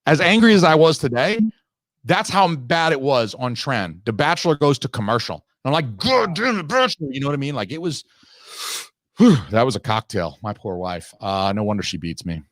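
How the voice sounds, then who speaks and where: A man's voice: medium pitch, lively intonation, moderate pace, no room sound, studio quality. A man hosting a podcast, telling a long, profane, ranting story in casual chat. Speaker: podcast host.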